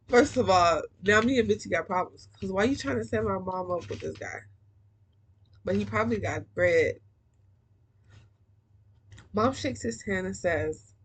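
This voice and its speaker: Husky woman reading a novel aloud. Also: on the low side, unhurried, poor audio. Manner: casual slangy asides between passages. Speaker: book reader.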